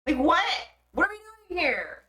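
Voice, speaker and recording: A woman's voice: sits high, sing-song, normal speed, pushed and bright, reverberant. A young woman streaming live, chatting casually and swearing freely as she laughs at herself.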